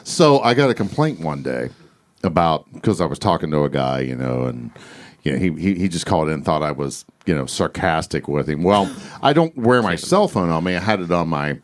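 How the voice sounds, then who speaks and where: A man on a podcast, a police officer, telling a work story with animated laughter. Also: rumbling low, a little fast. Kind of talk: casual chat.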